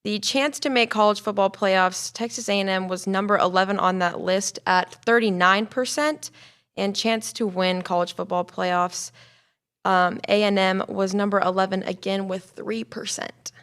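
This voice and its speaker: A woman co-hosting a sports talk show, reading out news and figures in a brisk way. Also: mid-range voice, steady tone, fairly bright tone, clear, resonant tone.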